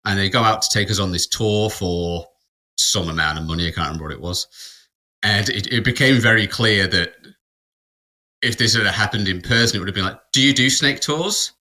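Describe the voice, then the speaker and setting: A man co-hosting a podcast tells a rambling anecdote in casual conversation, restarting sentences and laughing as he goes. His voice is low-pitched, fairly quick, pushed and bright.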